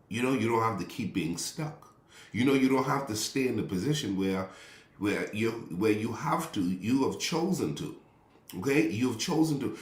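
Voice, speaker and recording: A man preaching in a loose, conversational way, repeating his phrases and calling out to people in the pews. His voice sits low, and the sound carries a roomy echo from the church hall. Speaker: pastor. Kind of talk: sermon. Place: church sanctuary. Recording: echoey room.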